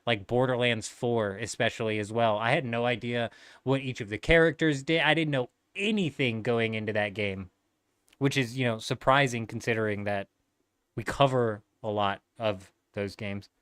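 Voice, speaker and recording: A man's voice: medium pitch, moderate pace, fairly bright tone, clean tone, no echo, clean studio sound. A man in his thirties chatting casually on a gaming livestream, laid-back and rambling, swearing freely.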